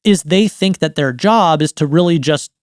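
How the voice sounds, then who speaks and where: A man's voice: fairly high pitch, moderate pace, dry recording, clean studio sound. A man in his thirties giving a conversational business lesson on writing, often checking in with "right?". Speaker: writing coach. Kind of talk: educational monologue.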